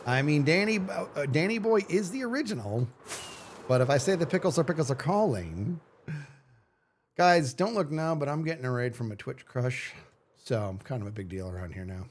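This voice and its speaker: A man's voice: mid-range voice, a little fast. A man streaming live, chatting casually with his viewers in a playful, self-mocking way. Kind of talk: casual livestream chat.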